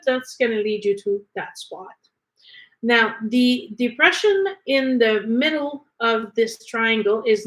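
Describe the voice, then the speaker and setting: A woman's voice: on the high side, a bit bright, low-quality recording. A woman teaching energy work in a casual, conversational way, often asking rhetorical questions. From Canada.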